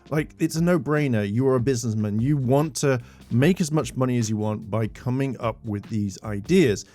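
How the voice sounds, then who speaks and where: A man's voice: mid-range voice, darkish tone. Indignant man ranting. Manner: exasperated, indignant, swears when worked up. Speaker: commentary YouTuber. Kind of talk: ranting commentary.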